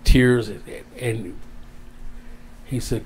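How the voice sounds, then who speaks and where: A man's voice: mid-range voice, a little slow, darkish tone. An older man, an interview guest, telling an emotional story in a rambling way and often repeating his phrases. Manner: rambling, repeats phrases, Southern-style casual grammar.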